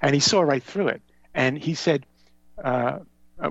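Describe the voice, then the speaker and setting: A man's voice: on the high side, measured pace, dry recording. A man talking as a show guest, telling rambling stories that jump from one tangent to the next. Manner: animated, tangential, conspiratorial storyteller. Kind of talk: rambling conversational storytelling. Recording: dull lo-fi sound.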